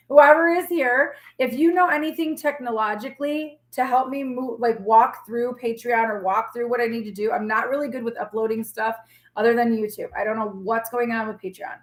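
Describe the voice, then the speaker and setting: A woman, a tarot reader talking candidly to her live-stream viewers in a sassy, feisty, rambling way, with a forceful tone that can sound like yelling. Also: fairly high pitch. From New York. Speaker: tarot reader and channel host. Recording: echoey room.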